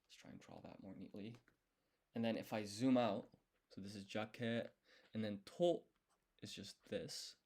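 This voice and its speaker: A man streams his language study, thinking aloud, explaining each step and quietly quizzing himself. He has a lowish, slightly mellow voice and speaks at a moderate pace.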